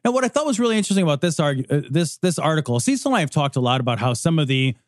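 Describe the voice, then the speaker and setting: A man co-hosting a podcast, chatting casually about politics in a profane, animated and mocking way. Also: a little high, rapid-fire, no echo, studio quality. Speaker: podcast co-host.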